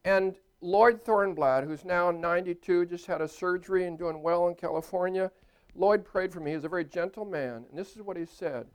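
A man's voice: sits high, normal speed, clear, resonant tone. An older man preaching a sermon as a pastor in a church, chatty and playful, laughing at his own jokes.

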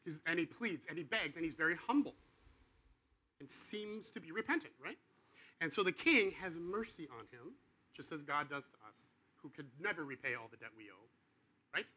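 A man delivers a sermon in a relaxed, chatty way, voicing the characters in his story as he goes. His voice sits a little high for a man and has a very bright, sharp edge. He swings from quiet asides to loud outbursts. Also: moderate pace, husky, low-quality recording. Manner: casual, conversational preaching with acted-out dialogue. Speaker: pastor.

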